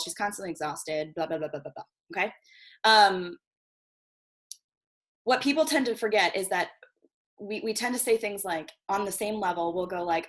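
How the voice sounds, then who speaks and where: A woman's voice: medium pitch, a bit bright. A woman teaching a marketing workshop over a video call, chatty and casual, swearing freely and checking in with "okay?" again and again. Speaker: guest marketing coach.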